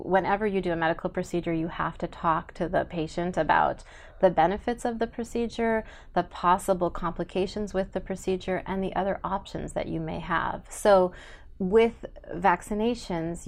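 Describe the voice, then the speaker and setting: A middle-aged woman speaking as a podcast guest in a low voice with a gravelly fry. She talks earnestly and emphatically, with frequent ums. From United States. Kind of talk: podcast interview.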